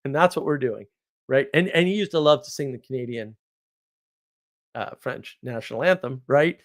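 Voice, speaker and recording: An American podcast host in his forties tells rambling stories in a casual monologue, sarcastic and full of mock outrage and animated asides. He speaks in a mid-range voice at a moderate pace.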